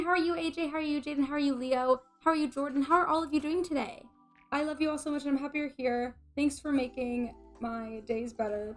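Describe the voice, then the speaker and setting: A woman doing a mock English accent. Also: sits high. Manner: chatty, greets and thanks chat while doing her hair. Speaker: streamer. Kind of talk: casual live-stream chat.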